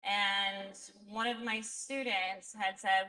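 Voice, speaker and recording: Woman teacher chatting at a graduation, bright voice, far from the mic. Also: mid-range voice, flat delivery, moderate pace, hardly any pauses. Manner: chatty, informal, with fillers. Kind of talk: ceremony remarks.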